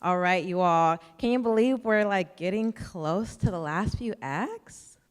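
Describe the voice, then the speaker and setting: A woman's voice: on the low side, a little slow, clean tone. Woman host from chicago south side, playful banter, echoey hall. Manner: playful, joking, laughing. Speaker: event host. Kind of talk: casual emcee banter. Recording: reverberant library hall.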